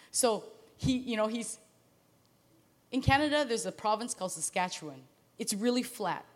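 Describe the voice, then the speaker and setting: A woman preaching in a casual, storytelling way, acting out the characters in quick asides. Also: fairly high pitch, lively intonation. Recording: long hall reverb.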